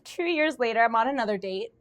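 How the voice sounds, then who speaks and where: A woman, a podcast guest, telling personal stories in conversation, animated and laughing often. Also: on the high side, quick pace. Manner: animated storyteller, laughs often, acts out quoted voices. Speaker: podcast guest, intuitive guide. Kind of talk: storytelling in conversation.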